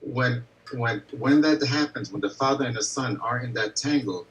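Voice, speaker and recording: A man giving advice in a casual talk, halting and repeating words as he thinks. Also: mid-range voice, far from the mic, low-quality recording.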